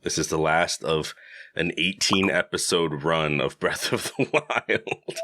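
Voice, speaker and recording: A man's voice: a bass voice, expressive, takes it slowly, sharp tone, dry recording, clean studio sound. A man in his thirties hosting a podcast in casual chat, laid-back and slangy, laughing often. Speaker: podcast host.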